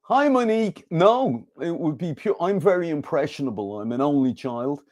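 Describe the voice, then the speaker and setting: Middle-aged comic, lively guest chat, voice a touch high. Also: male voice, moderate pace, no room sound, studio quality. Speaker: comedian guest. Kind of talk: casual interview chat.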